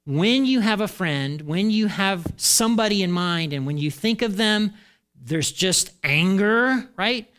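A middle-aged male pastor preaching a sermon in an animated way, acting out the voices he quotes. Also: high-pitched, unhurried, clear, resonant tone.

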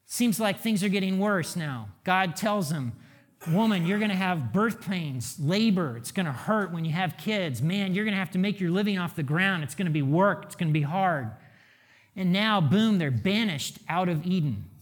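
Middle-aged guy preaching, kinda high voice, talks to the crowd casual, asks questions and answers them himself. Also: animated, normal speed. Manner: conversational preaching with rhetorical questions. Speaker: pastor. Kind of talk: sermon.

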